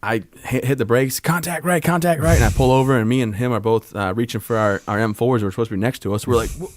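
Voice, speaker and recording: Fast-talking, laughing man telling war stories. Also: medium pitch, dry recording. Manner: animated, acts out voices and laughs often. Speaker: guest. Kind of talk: casual storytelling.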